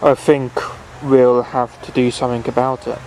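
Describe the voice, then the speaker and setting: A kindly little traveller from a bedtime storybook, brave and endlessly curious, as a man puts him on. He coaxes and questions in a gravelly, fairly flat voice. Faint noise sits behind him. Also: mid-range voice, moderate pace, close to an everyday voice, poor audio. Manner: inquisitive, gently coaxing.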